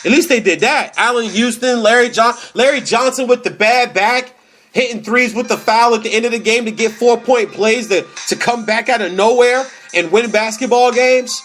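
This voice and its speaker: High-voiced man ranting about sports. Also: moderate pace, soft background music. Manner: animated, slangy, repeats phrases for emphasis. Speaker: comedy podcast host. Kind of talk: casual sports rant.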